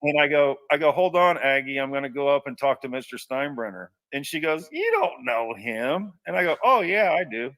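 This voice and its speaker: A man spins a long personal yarn with a bright, edgy tone. He restarts often and drifts into asides. His voice sounds a little distant from the microphone. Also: mid-range voice, big pitch swings, a little fast, few pauses. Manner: rambling anecdotal telling with many restarts. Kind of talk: casual storytelling.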